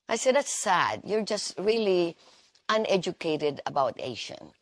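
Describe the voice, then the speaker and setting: A woman's voice: lowish voice, very animated, unhurried, dry recording. A woman earnestly recounting a personal experience in a reflective, testimonial manner. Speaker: speaker sharing a personal story.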